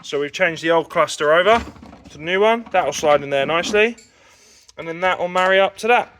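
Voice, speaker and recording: Chatty man, bright voice. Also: fairly high pitch, fairly quick, slight background noise. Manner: chatty, explains as he works. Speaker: car vlogger. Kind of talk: casual how-to vlog.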